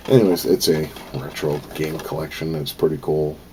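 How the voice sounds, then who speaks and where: Man, very low voice, home vlogger, breathless, loose and rambling with cursing rants. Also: steady tone, normal speed, mellow, slight background noise. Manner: rambling, frequent ums, profane venting. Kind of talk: casual vlog monologue.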